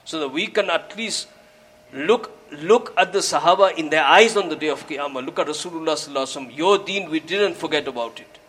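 A man's voice: on the high side, fast, breathy edge. A man preaching a sermon, telling a story and earnestly urging his listeners, dropping Urdu and Arabic religious words into his English. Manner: earnest, exhorting, grows louder when urging.

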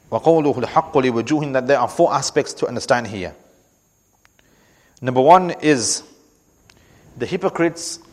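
A man teaching scripture in a weekly class, speaking with emphasis, repeating key words and often checking in with "right?". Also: medium pitch. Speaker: religious teacher. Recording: long echoing reverb of a hall.

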